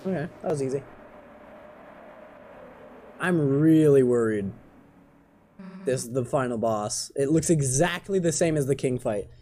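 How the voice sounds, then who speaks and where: Excitable man playing a game. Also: medium pitch, unhurried, long pauses. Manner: excitable, shouts reactions. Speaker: gamer. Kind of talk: let's play commentary.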